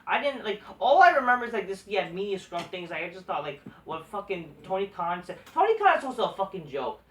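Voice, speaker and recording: A man with a slightly high voice rants in a loose, profane, exasperated ramble, full of restarts and trailing thoughts. He sits back from the mic in a room that echoes, with a faint hiss under him. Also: big pitch swings, fairly quick, a bit bright, recorded from a distance. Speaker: wrestling commentary vlogger. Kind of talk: casual rant.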